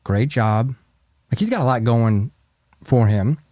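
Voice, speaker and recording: A man hosting a casual podcast chat, an animated storyteller who acts out quoted lines. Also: mid-range voice, normal speed, dry recording, studio quality. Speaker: podcast host.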